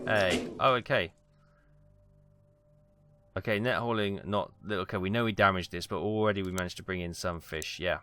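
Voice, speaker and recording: Low-voiced man giving chatty game commentary. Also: bright, forceful tone, slight background noise. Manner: chatty, hesitant, lots of ums. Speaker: gaming video host. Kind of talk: casual let's-play commentary.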